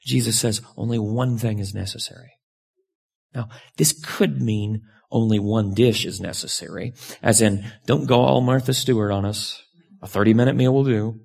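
A man giving a sermon as a pastor, talking in a candid, conversational way with sudden lively jumps in pitch. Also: moderate pace. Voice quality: gravelly and husky.

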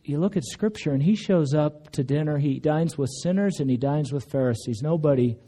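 A male pastor gives a relaxed, conversational sermon in a church, his voice mellow and a little higher than most men's. He tells stories casually and slips into raised, animated voices for the quotes. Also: fairly quick. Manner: conversational storytelling, acts out quotes with raised pitch. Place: church sanctuary.

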